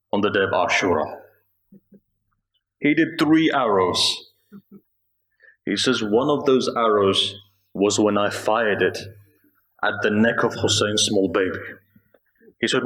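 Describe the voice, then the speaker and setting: A man speaking at a mosque, delivering a slow, grieving sermon narration during a Muharram gathering. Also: medium pitch, a bit bright. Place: mosque prayer hall. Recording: echoey mosque hall.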